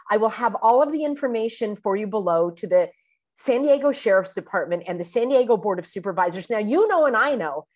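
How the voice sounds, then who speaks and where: Indignant woman host ranting. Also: a little high. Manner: indignant, emphatic, rhetorical. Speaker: online show host. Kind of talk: commentary monologue.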